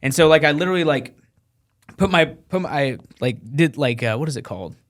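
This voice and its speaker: Animated Marine veteran telling a story. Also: male voice, a little high, brisk. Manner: animated, acts out dialogue, profane. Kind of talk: casual storytelling.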